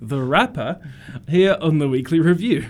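A man's voice: a little high, lively intonation, normal speed. A man co-hosting a student radio show in casual chat, laid-back and teasing, laughing often.

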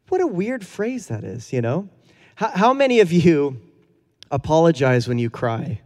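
A man's voice: fairly high pitch, sing-song, fast, a little mellow. Man preaching casually in a reverberant hall. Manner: casual, earnest, many fillers and chuckles. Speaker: pastor. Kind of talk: conversational sermon.

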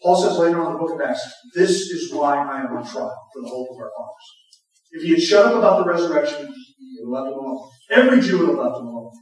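Guy preaching a sermon, kinda high voice, tons of echo, sounds off the mic. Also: lively intonation, fast, far from the mic. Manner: earnest, emphatic preaching with rhetorical questions. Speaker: pastor. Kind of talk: expository sermon. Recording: echoey hall, speaker off the mic.

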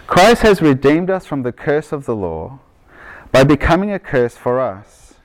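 His medium-pitched voice swings widely in pitch as he speaks unhurriedly. Raised in Argentina and sounding Australian, the man delivers a conversational sermon through storytelling, regularly checking in with "okay?" and "right?".

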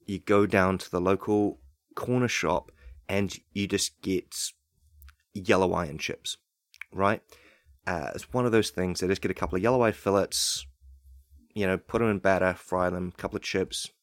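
NZ-accented male comic, low-pitched, dry close sound, conspiratorial deadpan patter. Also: dry recording. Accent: New Zealand. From New Zealand. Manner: conspiratorial, chatty, many asides and rhetorical "right?".

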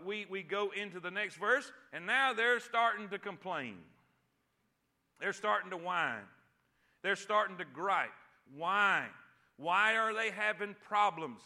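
A man preaching a sermon, reading scripture slowly and calling on the congregation to answer back. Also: high voice, sharp tone. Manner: call-and-response preaching, repeats phrases; drawn-out emphatic scripture reading. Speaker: pastor.

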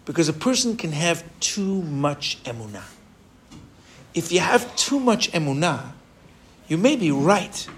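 Animated man teaching a Torah class. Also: on the high side, a little hiss or hum. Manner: animated, asks rhetorical questions, mixes in Hebrew phrases.

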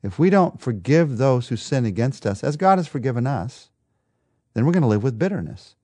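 Emphatic male preacher with lively pitch. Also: normal speed, no room sound, studio quality. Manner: emphatic, repetitive rhetorical rhythm. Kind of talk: devotional sermon.

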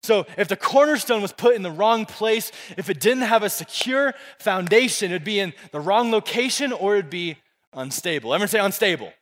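Young guy pastor preaching to teens, high voice, long echo in the hall. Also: expressive, moderate pace, a bit bright. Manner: casual, repetitive, call-and-response with the crowd. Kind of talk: youth sermon. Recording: long reverb of a big room.

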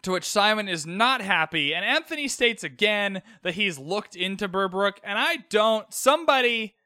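A young man chatting casually as he recaps a TV episode, animated and full of quick asides and mock outbursts. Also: sits high, no room sound, studio quality. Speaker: show reviewer.

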